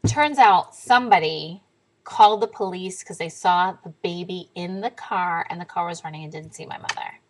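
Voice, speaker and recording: A young woman telling a story in a casual vlog to camera, animated and swearing freely, sometimes dropping to a whisper. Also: fairly low pitch, normal speed, low-quality recording. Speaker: diet vlogger.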